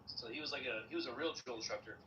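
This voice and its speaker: A man talks quickly and eagerly, sharing trivia in casual podcast chat. His voice is bright and forward, with mid-range pitch. The recording is dull and lo-fi with faint noise.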